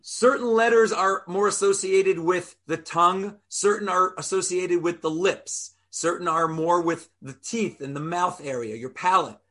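A man with a fairly high voice teaches a Torah lesson at a measured pace with few pauses. He is animated, keeps throwing rhetorical questions at his listeners, and sounds out Hebrew letters aloud to show how they are formed.

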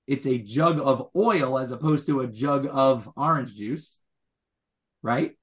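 A man's voice: medium pitch, takes it slowly. A man teaching a Torah class. He asks his listeners questions and explains Hebrew wording as he goes.

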